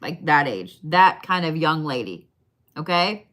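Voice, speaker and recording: Live-streaming bone readings from her shop, a woman talks straight to her audience in a relaxed, chatty way with the odd swear word. Her voice is deep, sing-song, unhurried, and a bit bright.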